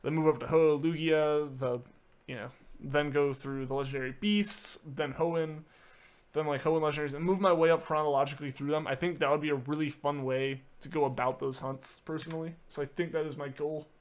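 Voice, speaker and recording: Chatty man with a higher voice. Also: fairly even intonation, fairly quick. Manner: chatty, reads out and answers viewer messages; filler-heavy, many "like"s and restarts. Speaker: game streamer. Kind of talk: casual live-stream chat.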